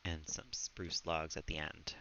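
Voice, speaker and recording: Over crowd noise, this man talks in an extremely low, creaky monotone at an unhurried pace. It's casual live-stream gameplay commentary from a room at home, where he giggles and chats with his viewers and his pet, all on a slightly dull stream mic.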